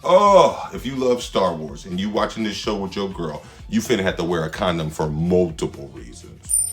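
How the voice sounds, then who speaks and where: A man, a standup comedian hosting his own show, rambling through a slangy, playful comedic monologue with sudden loud jumps. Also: deep voice, brisk, soft background music.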